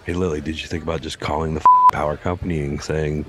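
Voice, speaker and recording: A man's voice: a bass voice, fairly even intonation, fast talker, few pauses, pushed and bright. A man co-hosting a comedy podcast in casual chat, rambling and correcting himself as he goes. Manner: rambling, full of fillers and self-corrections. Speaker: podcast co-host.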